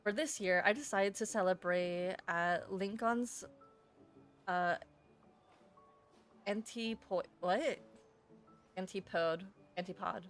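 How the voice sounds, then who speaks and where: A woman streamer chatting casually and reading a game letter aloud, haltingly, correcting herself and laughing often. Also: mid-range voice, faint music behind.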